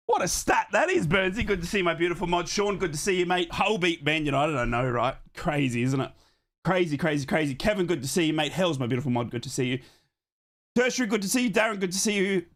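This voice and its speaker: A young man hosting a live football watchalong stream from home, hoarse from a chest infection and thanking viewers over and over. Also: fairly high pitch. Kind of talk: excited live-stream chat. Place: home streaming setup in Australia.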